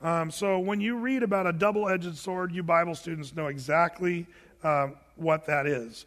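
A man's voice: a little high, moderate pace, fairly bright tone, in a large hall. A male pastor preaching a sermon in a conversational way, often acting out imagined questions from his listeners.

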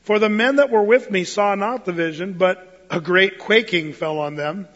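A man preaching a sermon as pastor, animated, acting out Bible quotes in playful voices. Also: high voice, moderate pace. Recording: muffled sound with long hall reverb.

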